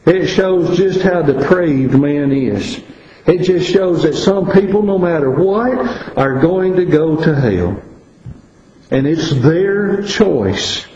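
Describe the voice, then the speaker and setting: A man preaching a sermon, earnest, dropping to quiet asides and rising to stress warnings. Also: fairly high pitch, roomy sound, highs cut off.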